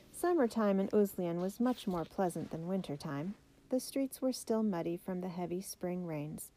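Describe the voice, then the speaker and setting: A woman reading a children's biography aloud in a measured, steady way. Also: on the low side. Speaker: narrator.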